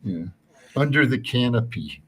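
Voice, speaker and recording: A man's voice: mid-range voice, sing-song, measured pace, a little hiss or hum. A male guest host of a talk show who chats along agreeably with his co-hosts.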